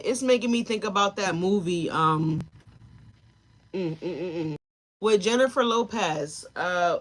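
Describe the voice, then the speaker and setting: A woman giving a live tarot reading, talking straight to her viewers and chat, emotional and tearful at times. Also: mid-range voice. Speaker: tarot reader.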